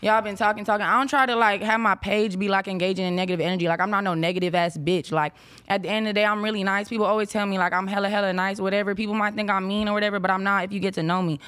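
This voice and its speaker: Brash fast-talking young woman ranting. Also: medium pitch, fairly even intonation, a bit bright. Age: 20s. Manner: brash, profane, rapid-fire venting. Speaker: guest, former reality show cast member. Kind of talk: casual chat, ranting.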